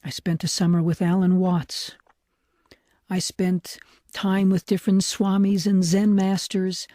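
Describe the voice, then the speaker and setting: An older man, a rabbi, telling a personal spiritual story in a soft, reflective way, often dropping to a hushed whisper. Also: sits high, flat delivery, measured pace, no echo, clean studio sound. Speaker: rabbi teaching.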